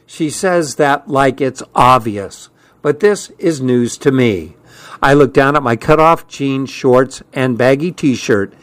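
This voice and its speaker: A man narrating a first-person story from a script in a calm, measured way. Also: medium pitch, dry recording. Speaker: audiobook narrator.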